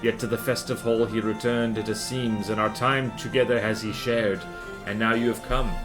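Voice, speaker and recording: A riddling, possessive old crone, as a male streamer puts her on, rasps out cryptic warnings in a put-on Scottish accent. Her voice sits low. Her sentences come out backwards and twisting, like a game villain's. Faint game music plays behind her. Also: flat delivery, moderate pace, close to an everyday voice. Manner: riddling, inverted word order. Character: ancient cackling hag crone, cryptic and possessive.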